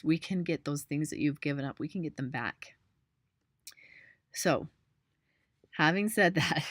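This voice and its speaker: A woman's voice: low-pitched, dry recording, clean studio sound. A woman in her thirties, a personal trainer, presenting a webinar in a chatty, personal way, talking straight to viewers and laughing often.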